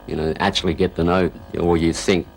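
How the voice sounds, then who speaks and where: Very deep-voiced rambling male guitarist. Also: little pitch movement, a little fast, vocal fry, a little hiss or hum. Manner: rambling, heavy on "you know" fillers; chuckles while telling stories. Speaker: rock guitarist. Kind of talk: casual interview answers.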